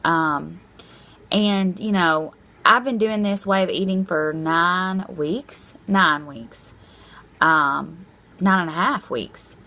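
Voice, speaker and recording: A woman in her thirties talks straight to camera in a casual vlog, candid and a bit rambling. She is self-deprecating and frank, with a voice that sits on the lower side for a woman. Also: slow, bright, forceful tone. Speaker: vlogger.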